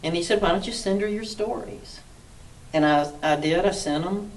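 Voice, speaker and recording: A middle-aged woman from the South, an author telling animated anecdotes in an interview, acting out dialogue and laughing often. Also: on the low side, normal speed. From Mississippi, US South. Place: arts council interview room. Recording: distant mic with faint background noise.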